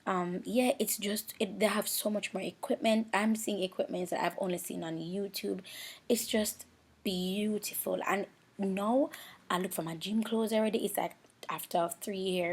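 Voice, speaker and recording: A woman's voice: medium pitch, gravelly, slightly rough. A woman with a Jamaican accent talking through a makeup voice-over, candid and rambling, sometimes close to tears. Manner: candid, rambling, emotional and self-searching. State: near tears at times. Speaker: beauty vlogger. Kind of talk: confessional voice-over chat.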